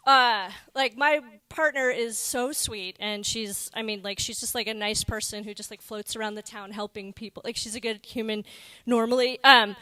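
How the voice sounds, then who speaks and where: A woman's voice: on the high side, moderate pace, bright, forceful tone, clear, resonant tone. A woman performing a stand-up comedy set, rambling and wry, with lots of filler words. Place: comedy stage with live audience.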